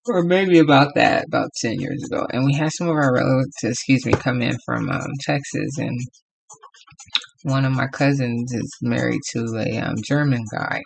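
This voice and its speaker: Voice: medium pitch, moderate pace, creaky, breathy edge, low-quality recording. A tarot reader from Los Angeles giving a casual, rambling reading to viewers and laughing often.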